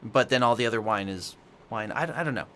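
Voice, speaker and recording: A man's voice: mid-range voice, a little fast, a bit bright, a little hiss or hum. A man streaming at home from his apartment, casually chatting with viewers and answering their chat messages aloud as he plays.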